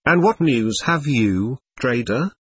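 A man voicing an ancient, frail male hermit with a dry, cracked voice and a mild, gentle manner in a storybook reading. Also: mid-range voice, expressive, slow pace, breathy edge, exaggerated voice.

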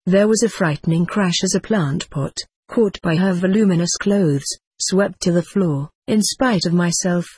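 An audiobook narrator giving a steady, measured first-person storybook reading told as a cat. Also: mid-range voice, breathy edge.

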